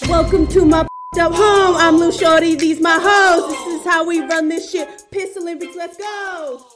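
A woman voicing a squeaky crude loudmouth. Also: steady tone, normal speed. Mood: brash. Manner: loud, crass and shouting. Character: crude brash loudmouthed character. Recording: clip with music behind.

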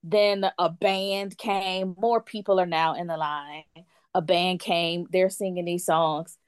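A woman telling a long story in an animated, casual way, and she acts out other people's lines in playful voices. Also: lowish voice, slow, clear, resonant tone, dry recording, studio quality. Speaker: guest storyteller. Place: lives in France.

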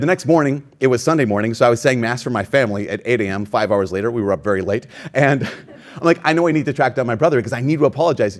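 A man preaching a homily as a priest, telling a personal story with animated quoted voices and self-deprecating humor. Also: medium pitch.

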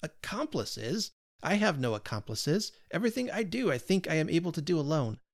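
A man's voice: a little high, big pitch swings, fast, voice pushed up. A man reading aloud, voicing a talkative, earnest male burglar who pleads and explains himself with odd cheer. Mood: indignant. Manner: earnest, pleading, lightly pompous.

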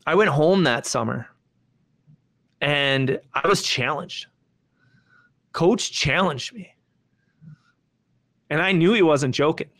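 Man, motivational storyteller, animated delivery with big pitch jumps, fairly high voice. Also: slow, long pauses. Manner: animated, swings pitch up sharply when acting out his younger self. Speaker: speaker.

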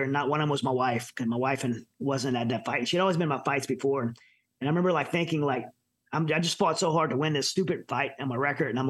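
A middle-aged man from the United States telling his personal story as an interview guest, earnest and halting with many restarts. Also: medium pitch, slightly rough. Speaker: podcast guest.

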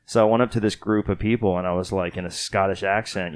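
Very deep-voiced man rambling, joking. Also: fairly even intonation, fast talker, hardly any pauses. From Texas. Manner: rambling, joking, self-mocking. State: tired after a late night. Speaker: podcast host. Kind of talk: casual chat.

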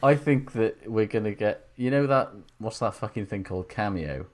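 Low-voiced man, podcast co-host, wry and laughing, casual sports banter. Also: moderate pace, darkish tone. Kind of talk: casual sweary chat.

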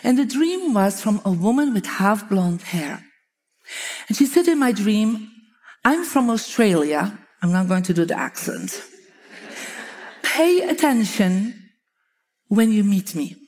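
A middle-aged woman, a feng shui teacher telling lively stories to an audience, often laughing and acting out quoted dialogue. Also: mid-range voice, a little slow, pauses often. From Belgium. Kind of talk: storytelling talk to an audience.

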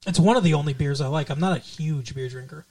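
A man co-hosts a podcast, chatting casually about a TV show in a fairly high, darkish voice. He talks fast and rambles, often trailing off and starting his thought over.

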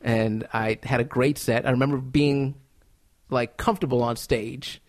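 A man who is a stand-up comedian, telling animated stories with laughs in a casual interview. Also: mid-range voice, normal speed. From United States.

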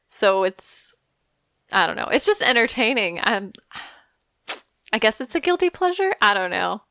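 A young woman co-hosting a pop-culture chat show, talking loosely with plenty of filler words. Her voice is smooth and resonant, close on a studio mic in a dry room. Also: fairly high pitch, very animated, a little slow, bright, forceful tone, dry recording. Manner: chatty, lots of "like" and "I don't know". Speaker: podcast co-host.

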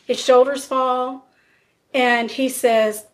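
A woman hosting a podcast tells a true crime case casually, in a blunt, conversational way, laughing often. Her voice is a little high and her pace measured.

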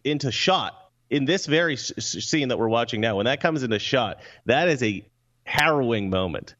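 A man's voice: mid-range voice, animated, moderate pace, fairly bright tone, dull audio. A man co-hosting a movie chat show, talking casually with frequent laughs and stumbling restarts. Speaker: co-host, film commentator.

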